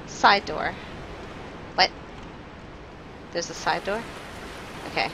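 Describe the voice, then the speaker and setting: A woman streaming live gameplay, talking to her chat in a jumpy, nervous way with quick laughs. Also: medium pitch, lively intonation, fairly bright tone, a little hiss or hum, low-quality recording. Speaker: game streamer.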